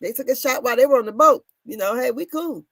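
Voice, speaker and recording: A woman in her thirties casually recapping reality TV drama, animated and laughing, her voice swinging between loud and soft. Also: sits high, fast, dry recording. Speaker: commentary show host.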